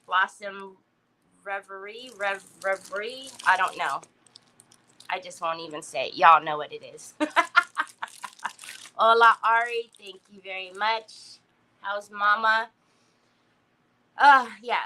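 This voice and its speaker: A woman's voice: medium pitch, sharp tone, poor audio. A woman hosting a casual craft livestream, greeting viewers by name and laughing often. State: recovering from a headache.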